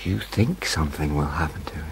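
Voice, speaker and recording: A man's voice: extremely low pitch, animated, fairly quick, slight background noise. An actor playing a bewildered, anxious male writer who stammers and talks in a flustered way in a radio drama.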